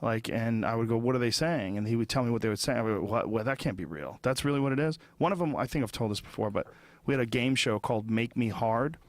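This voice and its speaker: A man's voice: medium pitch, fast talker, dry recording. Blunt, profane man in a dry studio. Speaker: podcast host and comedian. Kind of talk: casual podcast chat.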